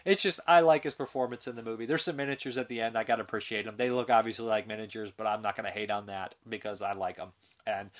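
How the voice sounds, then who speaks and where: A man's voice: lowish voice, fairly bright tone. Man rambling through a movie review. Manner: rambling and enthusiastic, with restarts, laughs and acted-out quotes. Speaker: film review host. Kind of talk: casual spoken film review.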